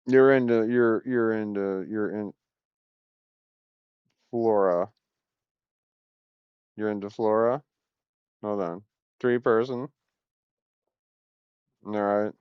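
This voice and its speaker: A man's voice: lowish voice, slow, pauses often, clean tone, dry recording, highs cut off. A man talking in a casual, rambling monologue, wandering off and interrupting himself with wry asides. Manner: meandering, self-interrupting, wry. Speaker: video host.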